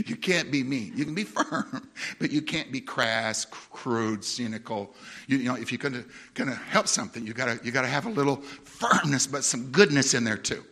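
A middle-aged man preaches a sermon, telling a humorous story and laughing often. His voice is pushed and bright with a breathy edge, and he mimics other people in a high voice.

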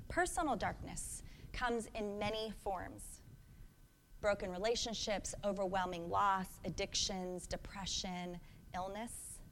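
A woman's voice: mid-range voice, a bit bright, a little hiss or hum. Woman preaching in a reverberant church. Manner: earnest, reflective, with rhetorical questions to the congregation. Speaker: pastor. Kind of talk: sermon.

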